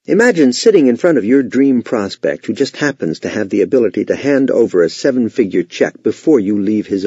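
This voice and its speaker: Emphatic, low-voiced male sales trainer. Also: mellow, husky, no room sound. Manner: emphatic, authoritative delivery. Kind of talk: scripted instructional narration. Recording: dull, lo-fi, dry voice-over.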